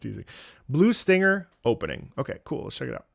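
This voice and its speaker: A man talks on a live stream in a tired, reflective voice. His delivery rambles and restarts. There is a gravelly edge to it, and the sound is dry and close. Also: medium pitch, very animated, brisk, a bit bright, no room sound. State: tired voice from travel. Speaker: streamer reacting to game music. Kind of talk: casual live-stream commentary.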